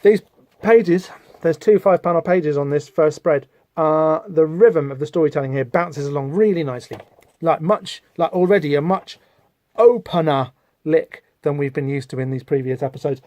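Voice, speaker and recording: A man's voice: a little high, moderate pace, dark tone, no room sound. Man discussing comics, dry close sound. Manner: thoughtful, digressive, many fillers. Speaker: podcast host. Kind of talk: comic book discussion podcast.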